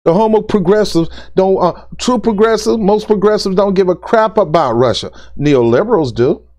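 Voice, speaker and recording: A man's voice: sits high, lively intonation, normal speed, darkish tone. A man ranting as a political commentary vlogger, blunt and exasperated, repeating his points in casual, informal speech. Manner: informal speech with "ain't" and "dude". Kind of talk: opinion rant to camera.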